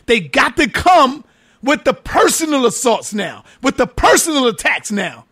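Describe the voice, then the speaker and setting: A man giving a heated, profane preaching-style lecture, mocking his critics and often shouting for emphasis. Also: very high voice, gravelly, slightly rough. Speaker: religious lecturer.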